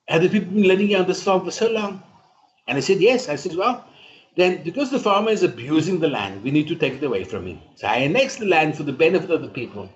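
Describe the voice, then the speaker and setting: A middle-aged South African man telling stories in an interview, speaking in a measured, declarative, speech-like cadence. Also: on the high side. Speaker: interview guest, community leader. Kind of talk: storytelling interview. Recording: dull lo-fi recording.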